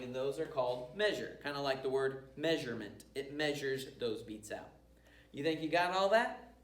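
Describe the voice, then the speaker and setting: A man's voice: on the high side, reverberant, distant mic. A male music teacher leading an elementary class through rhythms, patient and step by step, chanting the rhythm syllables in time.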